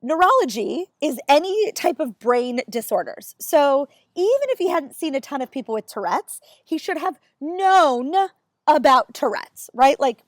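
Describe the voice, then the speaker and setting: A woman's voice: sits high, sing-song, measured pace, no room sound. A woman in her thirties telling stories to camera in a candid, exasperated way, acting out the lines she quotes. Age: 30s. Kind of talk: casual storytelling to camera.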